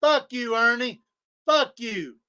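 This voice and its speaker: A man's voice: very high-pitched, expressive, takes it slowly, bright, forceful tone, clean tone, lo-fi sound. A man on a livestream, ranting in a heated, profane way and repeating his insults. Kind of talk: angry livestream rant. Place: home studio.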